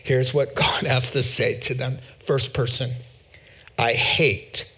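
A man's voice: mid-range voice, little pitch movement, unhurried, a bit bright, husky. A man preaching a sermon as pastor, emphatic and repeating words for stress.

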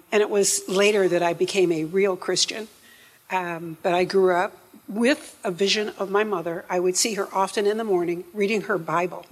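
A woman from upstate New York with a Northern US accent, giving a personal testimony to a church in a warm, self-deprecating way with frequent ums. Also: mid-range voice, in a large hall.

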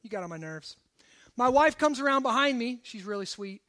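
Male pastor, very high voice, sermon delivery with loud emphatic runs and quiet asides. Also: expressive, fairly quick. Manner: shifts between forceful emphasis and hushed low asides. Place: church service.

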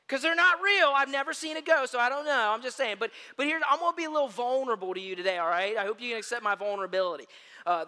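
A man preaching a sermon as a pastor, telling stories in an animated, self-deprecating and humorous way. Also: very high voice. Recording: long reverb of a large hall.

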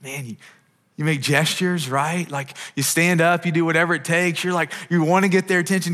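Earnest pastor preaching in a reverberant hall. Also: male voice, fairly high pitch, fairly even intonation, a little fast, fairly bright tone. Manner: earnest, conversational preaching with frequent restarts. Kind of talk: sermon. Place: church auditorium.

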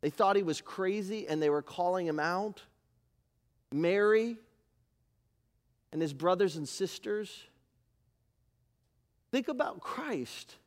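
A man preaching a sermon as pastor, animated, moving from loud emphasis to quiet asides. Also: high-pitched, slow pace, long pauses. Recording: live church service.

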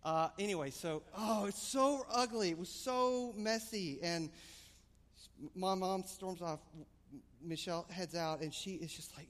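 Male pastor, slightly high voice, lively storyteller, long hall echo. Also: measured pace. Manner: animated storytelling, rising excitement. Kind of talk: sermon with personal story.

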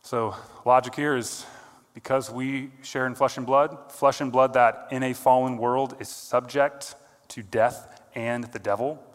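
A man delivers a sermon from the pulpit at a middle pitch, earnest and direct. He pushes up to emphatic peaks, then falls back almost to a murmur. His voice rings out with a long reverb tail from a church sanctuary. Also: steady tone, measured pace. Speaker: pastor.

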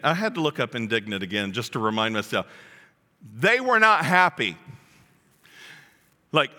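Jokey preacher guy, high sharp voice, acts out the quotes, big echoey church. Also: big pitch swings, moderate pace. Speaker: pastor. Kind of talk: sermon.

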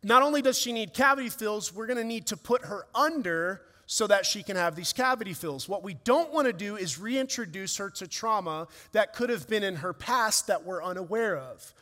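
A man's voice: sits high, animated, normal speed, hardly any pauses, bright, forceful tone. A man preaching a sermon as a pastor, telling a family story with earnest, rising emotion. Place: church hall. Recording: long reverb of a church hall.

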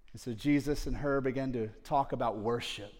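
A man preaching a sermon, telling a story in a lively way and acting out the dialogue. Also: medium pitch, brisk, long reverb tail. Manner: animated storytelling that acts out quoted dialogue.

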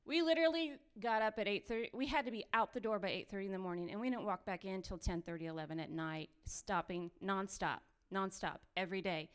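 A woman telling her own mission trip story with lively, run-on phrasing, laughing often as she goes. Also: mid-range voice, fast, hardly any pauses, clean tone. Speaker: missionary sharing testimony. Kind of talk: animated personal storytelling.

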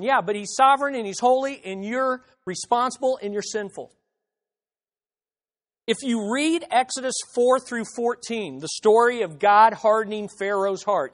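A man's voice: very high voice, fairly bright tone. A man preaching an expository sermon, emphatic, repeating phrases and acting out the objections he quotes. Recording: reverberant hall.

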